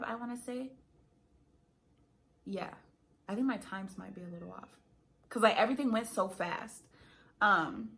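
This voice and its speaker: A woman vlogger telling a story casually, laughing often and acting out what people said. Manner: animated, laughing, acts out quotes in high pitch.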